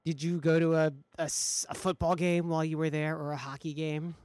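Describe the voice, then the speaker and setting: A man's voice: on the high side, little pitch movement, fairly quick, a little mellow, smooth, no echo. A man hosting a live radio talk show in a studio, upbeat and chatty, laughing easily.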